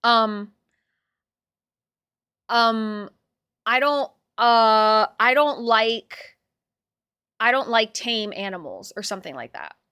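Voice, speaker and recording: Brief: bright, sharp young woman streaming, close and dry on the mic. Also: a little high, animated, slow, long pauses, smooth, dry recording. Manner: talks to herself and to chat, swears, swings loud. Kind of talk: casual chat.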